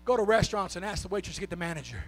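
A man preaching a sermon with a Southern US accent, swinging from shouted, half-sung peaks down to soft, low talk. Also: lively intonation, very fast, soft background music.

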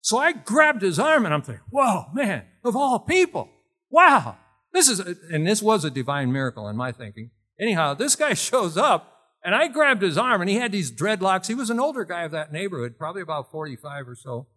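Middle-aged man, pastor, storytelling sermon, folksy, quizzes the crowd, fairly high voice, lively pitch. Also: fairly quick.

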